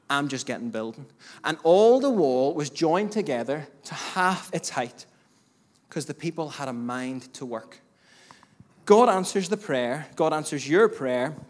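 A man preaching a sermon as pastor, speaking emphatically with repeated phrases and direct address to the congregation. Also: on the high side. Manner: emphatic preaching with rising bursts and repetition.

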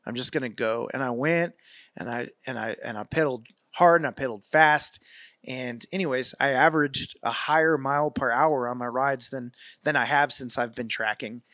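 A man's voice: mid-range voice, normal speed, no echo. A man vlogging casually about his training, telling a long story with lots of fillers and restarts. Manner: rambling, animated storytelling with many fillers. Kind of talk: casual fitness vlog.

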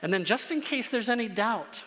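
Man, pastor, high bright voice, earnest sermon, long hall reverb. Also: lively intonation, normal speed. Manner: earnest, emphatic, repeats phrases for stress.

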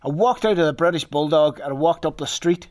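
Man, Northern Irish accent, somewhat high voice, casual storytelling, frequent swearing. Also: brisk, darkish tone. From Northern Ireland. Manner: swears freely, rambling anecdote with restarts.

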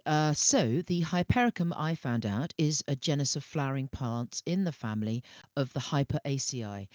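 A woman's voice: rumbling low, darkish tone, dry recording. A middle-aged woman co-hosting a casual podcast chat, enthusiastically reading out facts. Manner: enthusiastic, reads facts aloud. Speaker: co-host.

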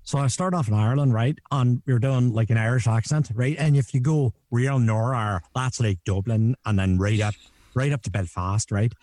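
A man's voice: medium pitch, moderate pace, darkish tone, no echo. A man telling a playful comic story as a podcast guest, hopping through accents. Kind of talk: comedic storytelling.

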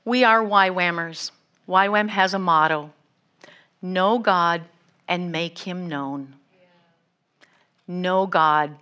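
Slow, earnest woman preaching a story. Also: lowish voice, bright, forceful tone, clear, resonant tone, muffled recording. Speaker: guest missionary speaker. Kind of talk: sermon storytelling.

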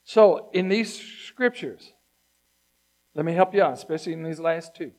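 High-voiced man preaching a sermon. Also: moderate pace. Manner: conversational, emphatic preaching that swings from loud to hushed. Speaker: pastor.

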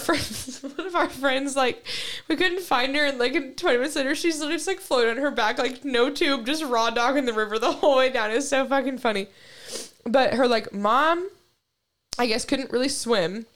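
A high-pitched, slightly bright young woman speaks at normal speed while co-hosting a podcast. Her long story meanders casually, peppered with swearing and "like" at every turn.

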